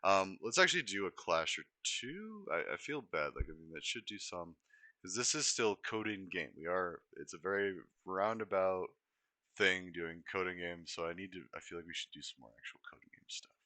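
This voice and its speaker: A man's voice: sits low, expressive, moderate pace, pushed and bright, no echo. A young man from Colorado chatting casually on a live stream, rambling and easily sidetracked as he corrects himself. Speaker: livestreamer.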